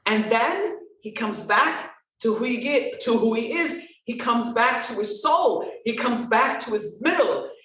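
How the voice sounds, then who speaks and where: A woman guest telling a story in an interview, animated and acting out the dialogue. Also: on the high side, a little slow, few pauses, far from the mic. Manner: animated, expressive storyteller who acts out dialogue. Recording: roomy sound, from off-mic.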